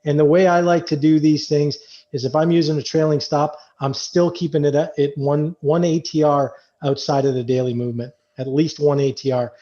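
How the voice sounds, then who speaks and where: A Canadian man, a trading coach, explaining trade setups in a relaxed, loose way with many fillers. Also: on the high side, moderate pace. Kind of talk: casual trading chat. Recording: dull lo-fi audio.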